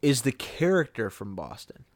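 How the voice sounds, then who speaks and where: A man's voice: medium pitch, sing-song, moderate pace, no room sound, clean studio sound. A man co-hosting a casual podcast, joking and trading opinions with friends. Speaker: podcast co-host. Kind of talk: casual chat about a TV show.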